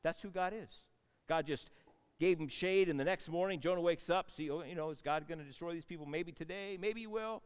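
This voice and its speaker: A man preaching a sermon, telling a Bible story with animated swings between loud outbursts and hushed asides. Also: a little high, brisk, clear, resonant tone, in a large hall. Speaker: pastor.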